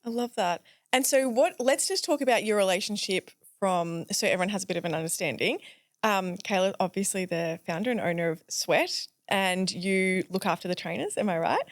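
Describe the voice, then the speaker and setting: A woman's voice: medium pitch, animated, fairly quick, no room sound. Woman podcast host, chatty, lots of mm and love that, dry close sound. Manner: affirming, chatty. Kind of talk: casual podcast interview.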